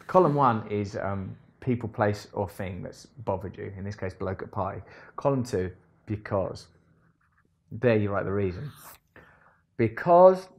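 A man telling a rambling storytime monologue, animated and self-deprecating, swinging between loud bursts and low asides. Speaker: vlogger.

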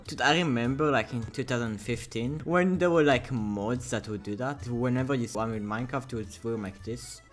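A man giving casual, excitable commentary while playing a video game, yelping and laughing as he goes. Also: mid-range voice, normal speed, few pauses, soft background music. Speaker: gaming YouTuber. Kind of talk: Minecraft gameplay commentary.

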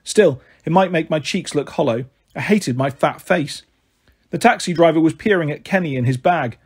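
A man reading a children's novel aloud, narrating briskly in the first person. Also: fairly high pitch, breathy edge. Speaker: storyteller.

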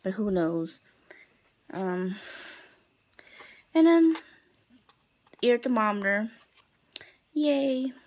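A woman's voice: a little high, sing-song, very slow, pauses often, a little mellow. A tired young woman vlogging in a casual, rambling way, with many fillers as she chats to her viewers. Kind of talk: casual chat.

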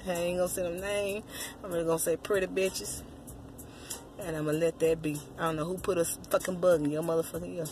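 A woman vlogger ranting casually to her viewers, profane, loud and rambling. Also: lowish voice, steady tone, brisk, music in the background. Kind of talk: casual rant to the camera.

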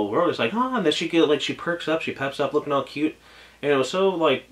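A man's voice: fairly high pitch, expressive, quick pace, a bit bright. A man reviewing an anime episode in casual talk, gushing and emotional, rambling with many restarts and trailing thoughts.

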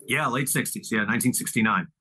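Middle-aged man from Long Island; interview guest; loose, meandering storyteller with a bright, forceful voice. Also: medium pitch, fast, breathy edge, rough recording. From Long Island, New York. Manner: rambling, full of "you know" fillers and restarts. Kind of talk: casual reminiscing conversation.

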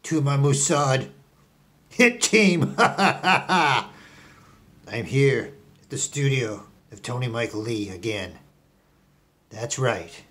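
A man putting on the voice of a grandiose, scheming billionaire tycoon in a comic impression, swinging from low mutters to yelling.

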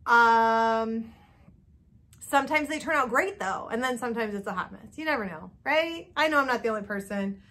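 A woman's voice: on the high side, moderate pace, fairly bright tone. A woman hosting a knitting video, chatting casually and nervously to camera with lots of fillers. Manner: chatty and self-doubting, many fillers. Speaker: knitting podcast host.

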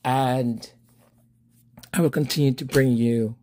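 A man's voice: medium pitch, takes it slowly. A man hosting his own podcast, telling a story in a casual monologue, laughing often and acting out both sides of a conversation. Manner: animated, laughing, acts out both sides of a dialogue. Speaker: podcast host.

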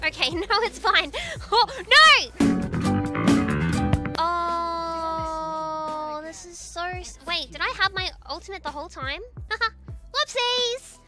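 A woman streaming a game talks in a very high, bright voice, full of giggles and sudden outbursts. She narrates her own play, pleads with her teammates and laughs at her own mistakes, while game music plays clearly underneath. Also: brisk, few pauses. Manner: self-mocking, frequent laughter. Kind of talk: live gameplay commentary.

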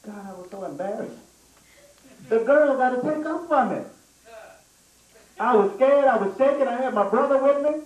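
A man tells a comic story from the pulpit, animated and laughing as he goes. His voice sits high. It is recorded in an echoey church from some distance off the mic. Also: normal speed, long pauses, narrow, tinny audio. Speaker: preacher. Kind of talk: storytelling sermon. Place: church sanctuary.

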